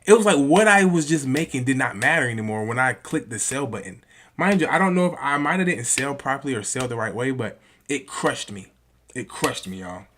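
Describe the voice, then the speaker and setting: Excitable man explaining trades to viewers. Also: fairly quick, slight background noise. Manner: excitable, talks to viewers as "y'all"; swings from hushed to loud and high when excited. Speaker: trading educator. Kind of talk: casual screen-share trading lesson.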